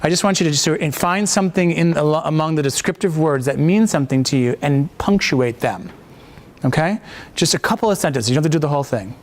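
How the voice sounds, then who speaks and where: A man coaching a voiceover workshop, enthusiastic and quick to heap praise on his students. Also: a little high. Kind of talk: coaching a class.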